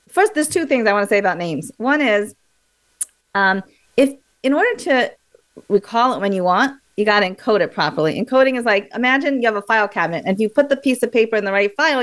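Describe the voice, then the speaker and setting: High-voiced woman explaining like a teacher. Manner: lively, teacherly, demonstrates with examples. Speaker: memory coach guest. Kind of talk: explanatory interview talk.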